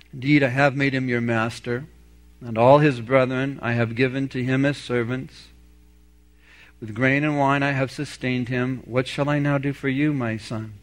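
A man's voice: medium pitch, a bit bright. A man preaching an expository sermon, reading scripture aloud and commenting on it with emphasis.

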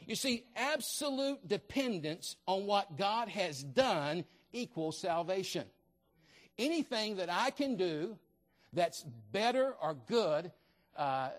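Guy preaching, fervent and kinda high-pitched, keeps repeating his key phrases. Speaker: visiting preacher. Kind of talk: sermon.

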